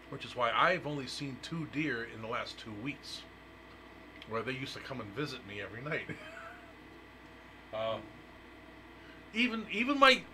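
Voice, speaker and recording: A man's voice: medium pitch, pushed and bright. A man hosting a talk radio show in casual chat, joking and blunt, swearing freely. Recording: noisy live radio stream.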